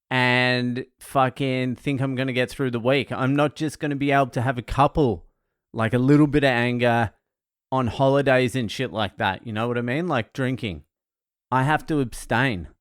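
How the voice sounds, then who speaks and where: A man's voice: medium pitch, smooth, dry recording, studio quality. A man, ranting and swearing in a casual vlog monologue and laughing at himself as he goes. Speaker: comedian and first aid trainer.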